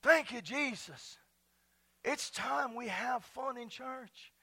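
A male preacher delivers a charismatic sermon in a church, his voice very high with a gravelly rasp. His tone is bright and forceful. He swings between shouting, laughing and dropping almost to a whisper. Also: slow. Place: church sanctuary.

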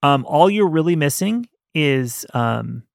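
A man's voice: a little high, animated, takes it slowly, gravelly, no room sound, studio quality. A man co-hosting a podcast, chatting animatedly and rambling about a book, laughing often. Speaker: podcast co-host. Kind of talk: casual book-review chat.

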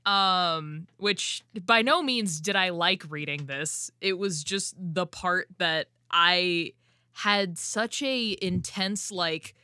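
A woman co-hosting a podcast in casual chat, telling a story in halting, rambling fashion with many fillers. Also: lowish voice, pushed and bright, no room sound, clean studio sound. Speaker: podcast co-host.

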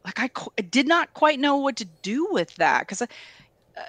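A woman talking casually, telling stories in a candid, animated way with lots of fillers. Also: sits high, moderate pace, no echo. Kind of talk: casual conversation.

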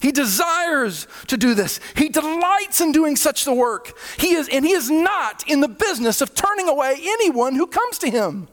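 A male pastor preaching a sermon, with sudden swells in volume and hushed, slowed drops. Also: very high voice, very animated. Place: church hall. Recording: reverberant hall.

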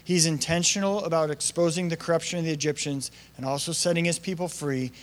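A man's voice: fairly high pitch, fairly even intonation, fast. A young man preaching a sermon in a casual, conversational way. He acts out quotes with big swings in his voice. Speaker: pastor. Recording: long hall reverb.

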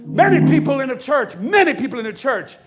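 A man preaching a sermon as pastor in a church, shouting and calling for responses from the congregation. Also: very high voice, big pitch swings, brisk, faint music behind. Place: church sanctuary.

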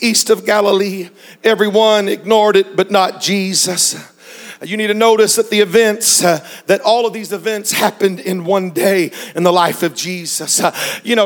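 A man preaching a sermon, moving from soft storytelling to shouted emphasis, with drawn-out repetition and frequent "uh" fillers. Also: high voice.

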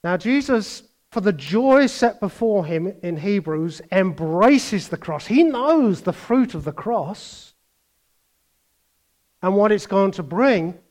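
An older man preaching a sermon, animated, swinging between loud bursts and quiet asides and mimicking other voices. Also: high voice, takes it slowly.

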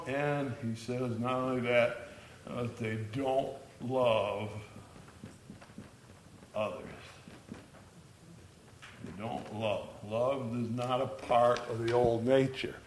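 A man's voice: mid-range voice, slow pace, pauses often, fairly bright tone, slight background noise. A man teaching an adult Bible study in a folksy, conversational way, often checking in with the class.

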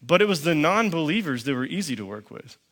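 A man's voice: fairly high pitch, sing-song, fast, fairly bright tone. A middle-aged man, a pastor, preaching a sermon with dry, understated humor and storytelling. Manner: dry storytelling with quoted back-and-forth.

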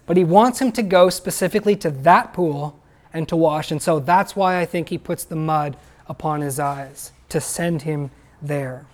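This pastor's sermon is plain and conversational, full of questions for his listeners. His voice is a little high and a little mellow, and he talks at a normal speed.

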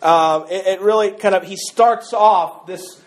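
A man's voice: sits high, unhurried, roomy sound. A man preaching a sermon as pastor, conversational and joking, often repeating his words as he goes. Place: church sanctuary.

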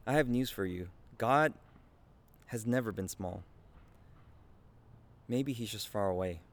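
Earnest male pastor with a lowish voice. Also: unhurried. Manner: earnest, conversational, with frequent "right?" asides. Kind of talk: sermon.

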